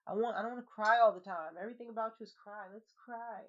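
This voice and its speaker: A woman co-hosting a podcast in casual chat, loud and animated, swearing and acting out quotes. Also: mid-range voice, fast talker. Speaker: podcast co-host. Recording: dull lo-fi podcast audio.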